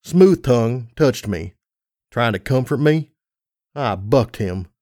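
Guy reading a fan story out loud, earnest and dramatic, mid pitch, dry close sound. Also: lively intonation, slow pace, no echo. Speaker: narrator. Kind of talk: first-person fan fiction narration.

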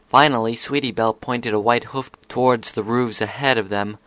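A man calmly narrating a story chapter as an audiobook reader. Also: medium pitch, moderate pace, no room sound.

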